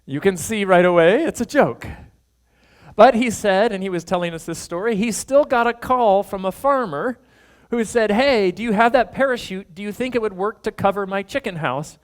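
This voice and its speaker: A male pastor telling a story in a sermon, animated, acting out the people he quotes and chuckling along. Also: high voice, normal speed.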